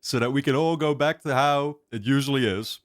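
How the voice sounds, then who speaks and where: A man's voice: mid-range voice, a little fast, dry recording. A man hosting a reaction video, giving casual commentary with chuckles and joking asides.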